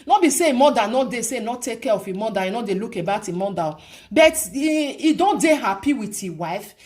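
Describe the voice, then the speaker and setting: Woman, Nigerian accent, vlogger, casual commentary, fairly high voice, emphatic, repetitive rhetorical questions. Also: animated, brisk, darkish tone. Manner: emphatic, repeats points and asks rhetorical questions.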